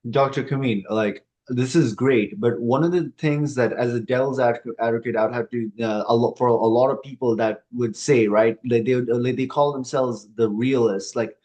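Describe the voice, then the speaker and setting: A man hosting a podcast, putting questions to his guest in a loose, halting way, stumbling through restarts and "like"s. His voice sits at a middle pitch for a man. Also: fairly even intonation, a little mellow. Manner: halting, many fillers and restarts. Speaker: podcast host. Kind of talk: conversational interview.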